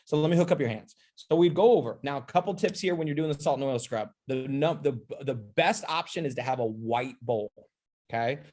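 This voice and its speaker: A man's voice: mid-range voice, a little mellow. A man giving a casual, upbeat sales training demonstration, chatty and playful, often checking in with his listeners. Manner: chatty, keeps asking "okay?" and "right?".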